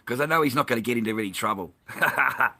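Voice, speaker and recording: A man's voice: medium pitch, quick pace, creaky, sharp tone. An Australian man in a rambling, heated, profane monologue, swearing constantly.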